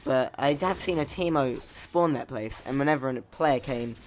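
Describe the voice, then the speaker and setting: A man's voice: medium pitch, normal speed, slight background noise. A man casually commenting over his gameplay, rambling, laughing at himself, his voice cracking now and then. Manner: rambling, chuckling, self-mocking.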